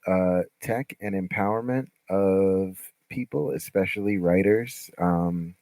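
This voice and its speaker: A man's voice: low voice, slow, a little mellow, no room sound. A man joining a live audio chat as a guest, speaking in an earnest way.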